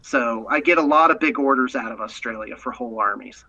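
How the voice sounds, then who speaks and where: A man's voice: mid-range voice, brisk, bright, forceful tone, dull audio. An American man talking as a guest about his painting studio, chatty and self-promoting, often restarting his sentences. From United States. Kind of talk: casual chat.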